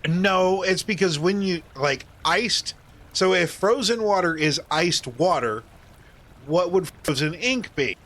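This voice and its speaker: A man casually chatting while streaming a game, joking and self-deprecating, thinking out loud. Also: high-pitched, lively intonation, slow pace. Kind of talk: casual live-stream chat.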